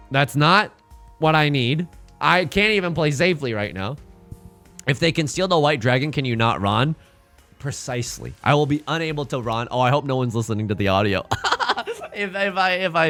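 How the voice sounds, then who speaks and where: A man streaming a live card-and-tile game, commenting in a jokey, animated way with dramatic outbursts. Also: on the high side, gravelly.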